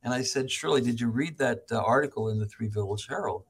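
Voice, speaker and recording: A middle-aged American man, a professor, telling stories as a podcast guest, animated, laughing often and acting out other people's voices. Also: medium pitch, quick pace, husky. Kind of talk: storytelling in an interview.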